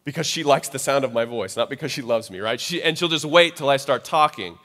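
A man's voice: medium pitch, expressive, fairly quick, fairly bright tone. Man preaching in a reverberant hall. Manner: conversational preaching with frequent asides. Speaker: pastor. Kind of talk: sermon. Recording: long reverb of a large hall.

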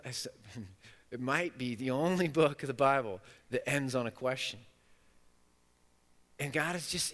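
A man preaching a sermon, animated and playful, acting out the voices of the story's characters. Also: fairly high pitch. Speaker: pastor. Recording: long reverb of a large hall.

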